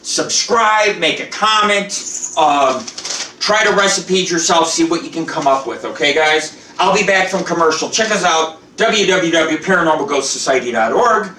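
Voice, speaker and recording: Foul-mouthed, boastful male host; high, bright voice, recorded off-mic in an echoey kitchen. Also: animated, moderate pace, distant mic, slight background noise. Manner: profane, boastful, rambling. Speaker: show host. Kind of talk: rambling live cooking show chat. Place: home kitchen. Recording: roomy echo, off-mic.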